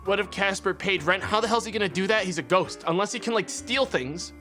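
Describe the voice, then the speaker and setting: A man's voice: high voice, fast talker, sharp tone, soft background music. A man streaming live who rants and swears heatedly while he chats to his viewers. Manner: ranting, profane, heated. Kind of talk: casual livestream chat.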